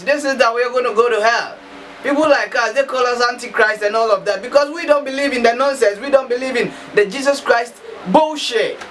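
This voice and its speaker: Man from africa ranting hard, keeps asking rhetorical questions, high voice, mic a bit far off. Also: fairly bright tone. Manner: emphatic, repetitive, rhetorical questions. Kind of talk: impassioned monologue. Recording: slightly distant mic, faint background noise.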